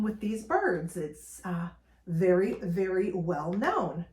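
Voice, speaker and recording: A woman hosting her own vlog, talking casually and enthusiastically about her shopping finds, with frequent ums and uhs. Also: medium pitch. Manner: chatty, enthusiastic, with many fillers. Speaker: vlog host. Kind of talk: casual shopping haul talk.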